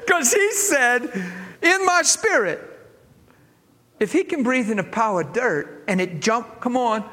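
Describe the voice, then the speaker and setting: High-voiced preacher telling a story in a hall. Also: male voice, slow pace, long pauses. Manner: animated, laughing, acts out voices in his story. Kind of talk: storytelling sermon.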